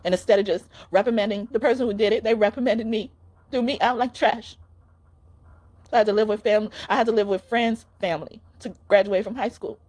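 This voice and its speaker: A woman's voice: medium pitch, steady tone, fairly quick, a little mellow. A young woman giving a casual spiritual card reading, talking in an earnest, emotional, pleading way.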